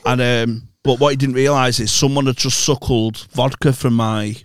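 A man's voice: medium pitch, steady tone, normal speed, dry recording. A man telling a wild story in casual chat, laughing as he goes and swearing freely. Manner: laughs through his stories, swears freely. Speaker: podcast guest. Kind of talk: casual anecdote.

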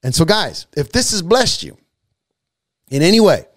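A man preaching with fervor, his voice sitting high for a man. He talks in a loose, street-casual way and hammers points by repeating them. The sound is dry and close. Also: huge pitch swings, moderate pace, dry recording. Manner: impassioned, street-casual, repeats lines for emphasis. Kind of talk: sermon.

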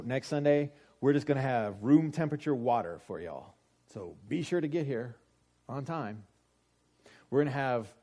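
A pastor preaching a sermon to his congregation, joking and swelling loud for emphasis. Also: medium pitch, slightly rough.

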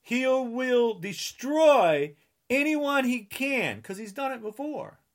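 A man from New Jersey, a political commentator, rails angrily and sarcastically, repeating taunting refrains and berating his listeners. His voice is very high-pitched and animated, and he speaks slowly.

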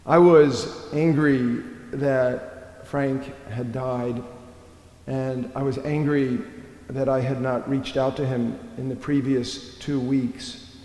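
Slow, reflective man preaching in a church. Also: medium pitch, steady tone, darkish tone. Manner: slow, reflective storytelling with long pauses. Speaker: pastor. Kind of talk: sermon. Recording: echoey church hall.

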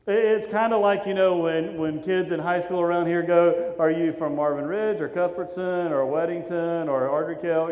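A man, preaching a sermon in a conversational, animated storytelling way. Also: fairly high pitch. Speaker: pastor. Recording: roomy, reverberant, dull sound from a hall.

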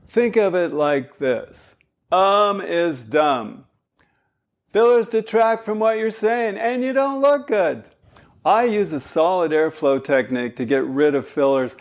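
Man, voice coach, gravelly, slow-paced, animated lesson. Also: on the high side. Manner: animated, demonstrating vocal styles. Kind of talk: spoken lesson.

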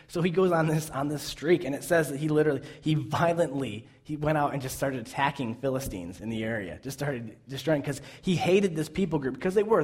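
Animated man retelling a Bible story. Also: mid-range voice. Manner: animated storytelling, acting out the characters' lines.

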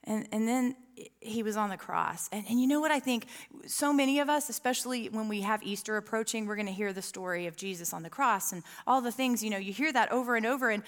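A woman preaching a sermon to a room, reading scripture slowly and talking earnestly and conversationally, often asking the listeners questions. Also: fairly high pitch, big-room sound. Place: church room with an audience.

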